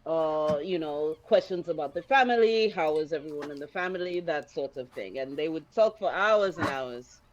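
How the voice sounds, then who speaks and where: A player in a tabletop game describing actions slowly with many fillers. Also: medium pitch, animated, slight background noise. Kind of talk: casual tabletop game talk. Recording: dull lo-fi mic.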